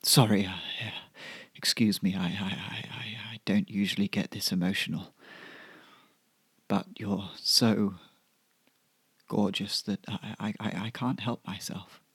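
A lovestruck, earnest suitor who stumbles over his words, as a man plays him. The voice is low, gravelly and husky, with a slow, close, dry delivery. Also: fairly even intonation, fairly bright tone, dry recording, heavily acted. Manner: stammering, earnest. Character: lovestruck, overly emotional young man.

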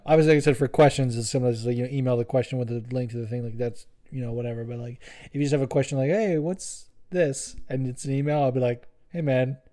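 A man's voice: mid-range voice, fairly even intonation, racing, warm tone. A young man hosting a podcast, chatting in a rambling, profane, joking way. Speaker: podcast host. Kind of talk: casual podcast chat.

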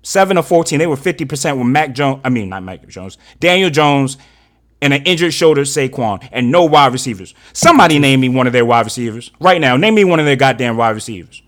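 A man's voice: medium pitch, lively intonation, brisk. A man co-hosting a sports talk show, ranting angrily and profanely about his team's coaching and drafting. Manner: angry, profane ranting, rising to shouts. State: fired up and frustrated. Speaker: sports podcast co-host. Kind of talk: heated casual sports rant.

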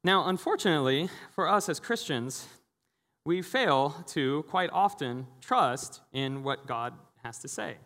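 A man's voice: on the high side, animated, a little slow, fairly bright tone. A man giving a sermon as a guest preacher, praying and then telling stories in a casual, chatty way with acted-out quotes. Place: church hall. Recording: long reverb of a large hall.

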